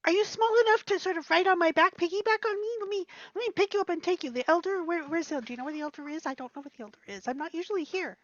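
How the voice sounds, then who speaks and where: Very high, fast-talking eager woman. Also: fairly bright tone, dry recording, dull audio. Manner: eager, rushed, repeating herself. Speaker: player. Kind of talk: in-character tabletop role-play.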